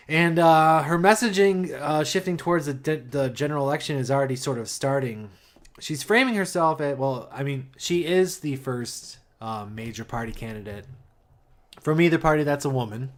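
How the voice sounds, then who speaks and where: A man co-hosting a casual political podcast, dry and sarcastic in a relaxed way. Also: medium pitch, moderate pace. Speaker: podcast co-host.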